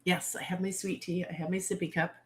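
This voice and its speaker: A woman with a slightly low-pitched voice hosts a casual livestream chat. She talks bluntly and outspokenly, with salty phrasing. She keeps turning to her viewers with direct questions. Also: level tone, brisk, heavy background noise. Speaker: author and livestream host.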